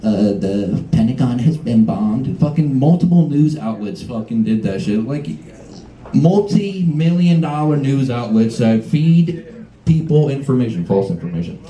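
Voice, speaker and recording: A man's voice: medium pitch, animated, unhurried, dark tone. A young man performing a rambling, profane stand-up set at a small bar, riffing with the audience. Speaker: stand-up comedian. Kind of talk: live stand-up comedy set. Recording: echoey room with crowd noise.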